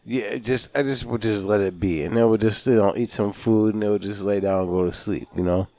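Gravelly, rambling prank-calling man. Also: fairly low pitch, a little fast, no echo. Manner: rambling, deadpan, full of filler words. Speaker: prank caller. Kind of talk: prank phone call.

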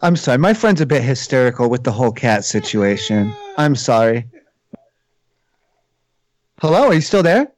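A man's voice: mid-range voice, big pitch swings, moderate pace, long pauses, slight background noise. A man making a prank phone call, spinning a mock-earnest, pleading story. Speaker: prank caller.

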